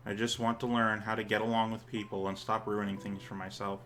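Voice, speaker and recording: A man reading the lines of a shy, self-loathing teenage girl in a soft, subdued, hesitant voice while playing a visual novel. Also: on the low side, little pitch movement, brisk, soft background music, close to an everyday voice. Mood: ashamed.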